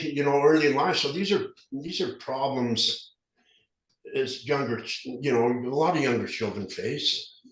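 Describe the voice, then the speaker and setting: Podcast guest: man around fifty from southern Utah, slight denture lisp, earnest and rambling, average pitch, recorded in a roomy space. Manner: earnest, rambling, frequent restarts. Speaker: podcast guest, recovery specialist. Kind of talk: candid storytelling in an interview. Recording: roomy echo.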